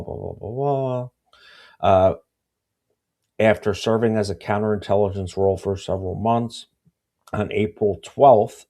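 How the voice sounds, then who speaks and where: A low-voiced man hosts a podcast and reads documents aloud at an easy pace. His tone is mellow and dark, and he often breaks into a laugh. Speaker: podcast host. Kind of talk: casual podcast reading and discussion.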